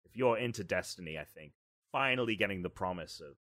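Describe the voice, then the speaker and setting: Deep voiced guy running down game updates, chill and matter of fact. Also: animated, fairly quick, a bit bright. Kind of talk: casual chat.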